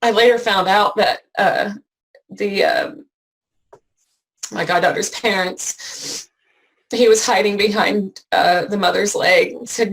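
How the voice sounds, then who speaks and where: A woman giving an emotional personal account as an interview guest, halting with many fillers and restarts. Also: mid-range voice, poor audio.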